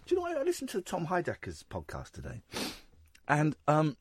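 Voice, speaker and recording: A man's voice: fairly high pitch, wildly swooping pitch, fairly quick, slightly rough, dry recording. A man hosting a radio show, reading news stories aloud and breaking off with sarcastic asides. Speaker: radio host. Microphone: studio microphone.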